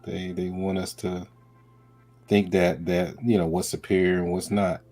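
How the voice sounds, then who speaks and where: A man with a lowish voice talks in a relaxed, slangy way, often breaking into laughter. He chats casually with friends on a call-in show. Faint music plays underneath. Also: a little slow. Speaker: podcast co-host. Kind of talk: casual group chat.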